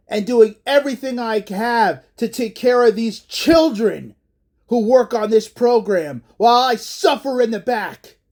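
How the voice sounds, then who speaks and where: A man's voice: high-pitched, heavily acted. A man doing a ranting bitter wrestling boss. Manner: ranting, raising voice to shouts.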